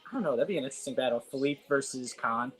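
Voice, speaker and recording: A woman's voice: rumbling low, very fast, loud music behind the voice, poor audio. A woman chatting casually over a video call during a movie watch-along, chatty and laughing with fond pop-culture asides.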